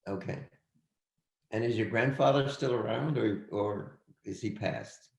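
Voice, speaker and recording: A man's voice: lowish voice, a little slow, gravelly, darkish tone, roomy sound. A man teaching a history class over a video call, emphatic and repeating his points as he calls on students. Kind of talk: online class lecture.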